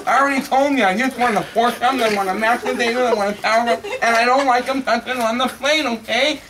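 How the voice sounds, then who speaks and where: A picky hotel guest at the end of his patience, shouting and swearing in a strained, high voice, as a man telling a joke puts him on. The mic sits well away from him, with steady room noise behind. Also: fast talker. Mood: furious. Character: fussy hotel guest, man, short-tempered. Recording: distant mic with ambient noise.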